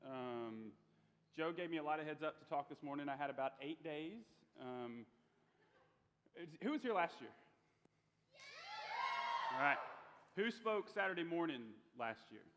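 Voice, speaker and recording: A young man gives a youth talk, nervous and chatty with halting restarts. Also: fairly high pitch, lively intonation, a bit bright, in a large hall, a little hiss or hum. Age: young adult. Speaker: youth speaker. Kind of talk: youth sermon.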